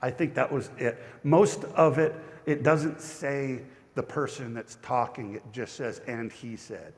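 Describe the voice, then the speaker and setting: A man's voice: medium pitch, a little slow. Man teaching scripture in a reverberant church. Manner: chatty and digressive, with frequent restarts. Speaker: pastor. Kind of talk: Bible study teaching.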